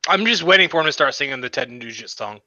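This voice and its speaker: A man's voice: mid-range voice, lively intonation, fast, sharp tone, dry recording. A man on a livestream, ribbing his friends with sarcastic, profane teasing. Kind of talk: casual livestream chat. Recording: dull lo-fi mic.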